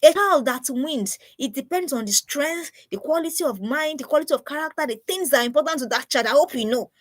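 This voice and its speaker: Woman, earnest parenting talk, high pitch, dry recording. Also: lively intonation, fairly quick, no room sound. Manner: earnest, preachy, repeats herself. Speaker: parenting speaker.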